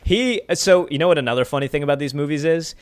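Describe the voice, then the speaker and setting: Excitable, cursing man in casual chat. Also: fairly high pitch, fast talker, clean tone. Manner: excitable, swears, says dude a lot. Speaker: podcast co-host.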